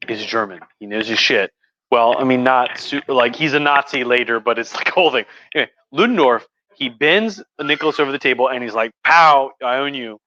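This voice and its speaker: Expressive and medium-pitched, his voice comes across brisk, bright, and forceful, with no echo but dull, muffled audio. Tipsy from wine, this host rambles through a casual history livestream from his home room, crude, profane, and prone to restarts.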